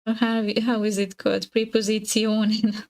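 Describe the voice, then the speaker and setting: A young adult woman, a native Hungarian speaker, chatting casually on a live stream, giggly and hesitant with many fillers and restarts, her voice slightly husky. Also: medium pitch, little pitch movement, a little slow, darkish tone, low-quality recording.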